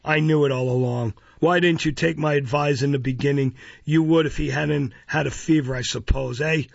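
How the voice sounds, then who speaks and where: A man voicing a grumpy, scornful old bachelor gentleman who growls and scoffs in a storybook reading. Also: on the high side, steady tone, moderate pace, vocal fry, dry recording, highs cut off.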